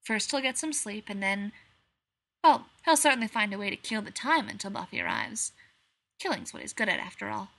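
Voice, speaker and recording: A woman reads a dark story aloud in a measured way. Her voice is bright and clear, pitched in a middle range. She slows down on the grim passages. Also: sing-song, a little hiss or hum. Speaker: reader. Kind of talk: dark fan fiction narration.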